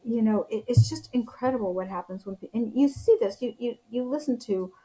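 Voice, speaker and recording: A woman's voice: on the high side, brisk, dark tone, poor audio. A woman, a leadership coach, talking as a guest in a casual interview, earnest and encouraging, with frequent fillers and restarts.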